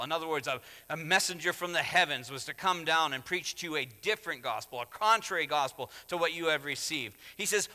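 A man preaching a sermon, his tone very bright and cutting as he pushes his points with rising emphasis. His voice sits fairly high for a man and rings out with a long hall reverb behind it. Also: brisk, few pauses. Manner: emphatic, rising to loud exhortation. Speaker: pastor.

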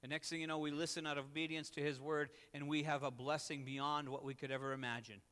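A man preaching a sermon, telling a scripture story with animated swings between loud excitement and quiet, earnest emphasis. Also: fairly high pitch, quick pace, hardly any pauses, long reverb tail. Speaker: pastor.

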